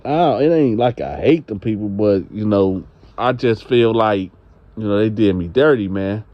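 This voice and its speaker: A man's voice: fairly low pitch, lively intonation, moderate pace, no room sound, highs cut off, natural voice. A man voicing an aggrieved homeless man who protests being wronged. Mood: indignant. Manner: indignant, protesting.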